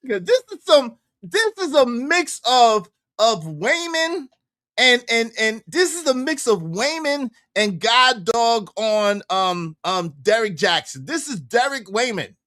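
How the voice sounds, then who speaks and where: A man hosting a casual reaction livestream, loud and slangy, laughing often. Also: extremely high pitch, sing-song, slow, dry recording, clean studio sound. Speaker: livestream commentary host.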